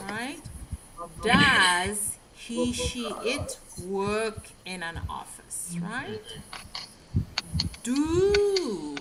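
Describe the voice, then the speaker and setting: Slow, laughing woman teaching English. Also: on the high side, big pitch swings, very noisy. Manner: slow, careful, laughs often. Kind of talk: live beginner English lesson.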